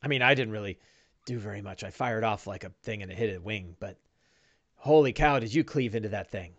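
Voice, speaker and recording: A man voicing a loyal, deferential male sidekick who speaks softly and hesitantly. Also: fairly low pitch, fairly quick, lo-fi sound, pitched below the performer's own voice, close to an everyday voice. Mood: modest. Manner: polite, hesitant, soft-spoken.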